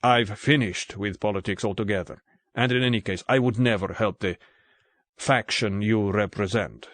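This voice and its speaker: A male audiobook reader voicing a proud, gruff Greek man with a deep voice. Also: fairly bright tone, dry recording, lightly acted. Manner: measured, contemptuous. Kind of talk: audiobook character voice.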